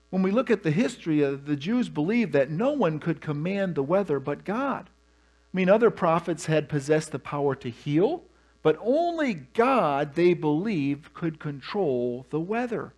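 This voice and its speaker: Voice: mid-range voice, very animated, moderate pace, a little mellow. A pastor preaching a sermon, telling the story with humor and animation.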